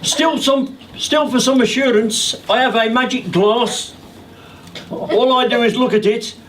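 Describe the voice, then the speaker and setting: A vain, fretful panto queen, played by a man in a very high voice, moaning her rhymes in a sing-song lilt. The voice sounds far off across a noisy live room. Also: measured pace. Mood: plaintive. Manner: sing-song rhyming delivery, drops character for asides. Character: vain aging queen, woman, fretful and self-pitying. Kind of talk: amateur pantomime rhyming verse. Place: village hall stage with live audience.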